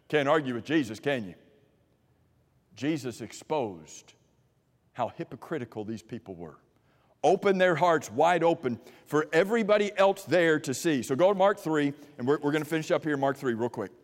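Preaching a sermon at a moderate pace, a man with a fairly high voice builds dramatically to emphatic peaks, then drops into quiet asides. A long hall reverb follows his words, like in a church sanctuary.

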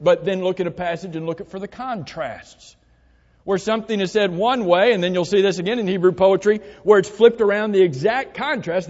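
Man, high voice, sermon, earnest teaching, long hall echo. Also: a little mellow. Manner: earnest teaching with repeated instructions and restarts. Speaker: pastor. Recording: dull sound with long hall reverb.

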